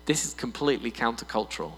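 A man preaches a sermon with a lively, swinging delivery, slipping in comic voices to make his point. His voice rings through a hall with a long reverb, and a faint mains hum sits underneath. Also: mid-range voice, fast talker, breathy edge. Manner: animated, playful, mimics voices for humor. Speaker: pastor. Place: church hall.

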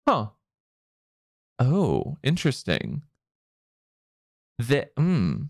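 A man chatting casually as a co-host, his pitch bouncing around a lot as he teases and jokes. His voice sits in a middle register and sounds close and dry, with no room around it. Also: sing-song, a bit bright, no room sound. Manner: playful, teasing, quick to joke. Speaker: podcast co-host and online content creator. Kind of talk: casual chat.

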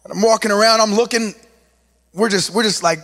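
East LA preacher guy, really high voice, telling an animated story in a sermon, echoey hall. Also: a little fast. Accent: East Los Angeles. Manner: animated storyteller acting out quotes, with fillers.

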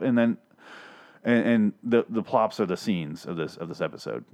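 A man ranting through a TV episode recap, sarcastic and exasperated. His speech is heavy with swearing and loose asides. His voice sits at an ordinary middle pitch. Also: normal speed. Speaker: podcast host reviewing a TV episode.

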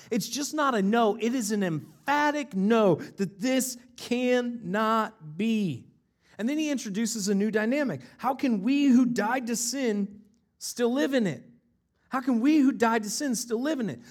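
High-voiced man preaching emphatically. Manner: emphatic, rhetorical questions, repeats key lines. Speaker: pastor. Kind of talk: sermon.

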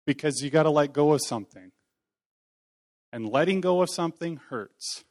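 A man's voice: a little high, expressive, moderate pace, a little mellow. Folksy man giving a casual sermon. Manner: conversational, folksy, self-deprecating humor. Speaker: lay preacher. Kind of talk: informal sermon.

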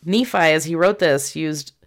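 A woman's voice: deep voice, normal speed. A woman co-hosting a casual gospel discussion, retelling scripture stories with animation and laughing easily. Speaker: podcast co-host.

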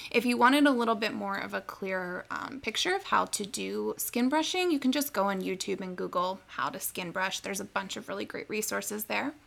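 A woman co-hosting a podcast, explaining wellness tips in a friendly, casual way. Her voice is heavy with vocal fry at a mid pitch. She doubles words for emphasis as she walks listeners through each step. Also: a bit bright. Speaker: podcast co-host, nutrition advisor.

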